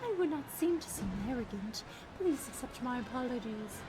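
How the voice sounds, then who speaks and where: A woman's voice: a little high, expressive, normal speed, noisy background, voice pushed down, natural voice. Woman doing a suave, modest male superstar. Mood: gracious. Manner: smooth, formal and polite.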